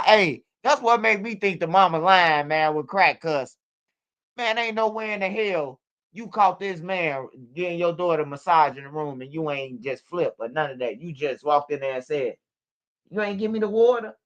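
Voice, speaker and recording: A man's voice: a little high, moderate pace, a bit bright, clear, resonant tone, lo-fi sound. A man giving casual, rambling, profane commentary on street news.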